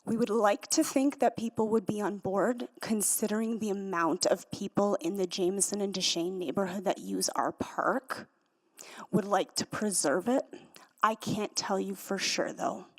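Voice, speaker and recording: Woman, community rep at a council hearing. Middle pitch, earnest, measured, persuasive. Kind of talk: public hearing testimony, unscripted. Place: council chamber.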